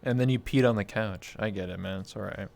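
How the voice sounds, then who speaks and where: A man's voice: fairly low pitch, brisk, vocal fry, darkish tone. A male interview host who teases his guest with wisecracking questions. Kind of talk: casual interview chat.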